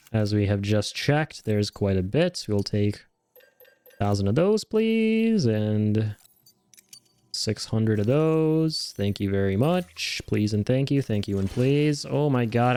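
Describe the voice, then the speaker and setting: A man's voice: on the low side, dark tone, no echo. A man streaming a video game, chatting casually and playfully, joking and swearing as he plays. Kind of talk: casual gameplay commentary.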